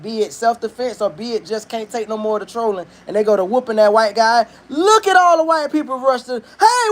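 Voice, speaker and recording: Cooking in his kitchen, a man with a high-pitched voice talks through a story as he goes. His commentary is loose and rambling, full of slang and profanity.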